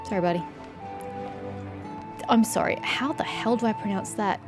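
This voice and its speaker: A woman's voice: medium pitch, normal speed, long pauses, faint music behind. A woman streamer giving casual, wry gameplay commentary. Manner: wry, offhand. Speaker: gaming streamer.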